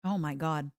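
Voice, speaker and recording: A young adult woman streaming, chatting casually with her viewers and slipping into squeaky impressions of friends. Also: no room sound, clean studio sound. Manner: animated, bursts into high-pitched imitations. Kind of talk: casual chat with chat readers.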